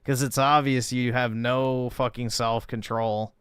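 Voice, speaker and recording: A man's voice: medium pitch, little pitch movement, a little slow, fairly bright tone, smooth, no room sound, studio quality. A man giving blunt, crude and contemptuous commentary on a reaction stream.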